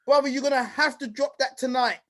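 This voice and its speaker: A man from the United Kingdom hosting a live online event with lively, hyped-up energy, often calling people "brother" and "King.". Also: extremely high pitch, fairly quick. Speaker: host and presenter.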